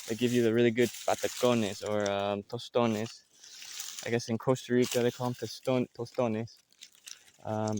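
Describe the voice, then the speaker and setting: A man's voice: mid-range voice, darkish tone, a little hiss or hum. A man giving a casual outdoor tour of his farm, talking loosely with many fillers and restarts. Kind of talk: casual walking tour narration.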